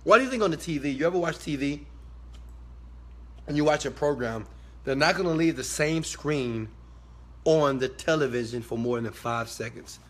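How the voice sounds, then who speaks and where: A man giving a motivational talk to his viewers, emphatic and preachy, swinging from quiet asides to loud shouted bursts. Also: fairly high pitch, normal speed, pauses often. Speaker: motivational speaker.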